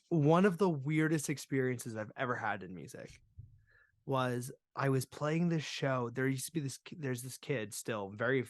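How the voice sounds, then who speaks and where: A man hosting a podcast, telling a wild story in casual, profane chat that swings between loud and quiet. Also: medium pitch, dry recording, clean studio sound. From Boston area. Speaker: podcast host.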